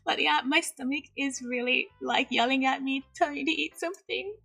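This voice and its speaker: A woman's voice: sits high, fairly quick, gravelly, sharp tone. A woman streaming a game and chatting casually, bubbly and giggly, sprinkling in Japanese phrases. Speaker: VTuber streamer. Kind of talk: casual livestream chat.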